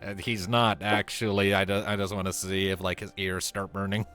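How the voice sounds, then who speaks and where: Relaxed game master narrating a scene. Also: male voice, low voice, moderate pace, over music. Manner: relaxed, descriptive, with fillers.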